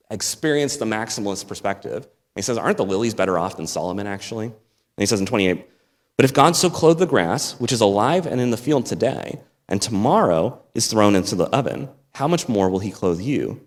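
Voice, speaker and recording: An American man giving a sermon as a guest preacher, talking it through in a relaxed, conversational way with asides and small laughs. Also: on the low side, brisk. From United States. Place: church sanctuary. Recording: long hall reverb.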